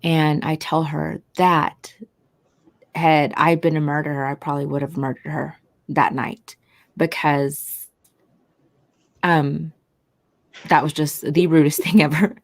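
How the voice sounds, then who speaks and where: A woman co-hosting a casual chat, telling a story in an animated way and acting out the people in it. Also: slow, long pauses. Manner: animated, swings pitch when quoting people. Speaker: podcast co-host.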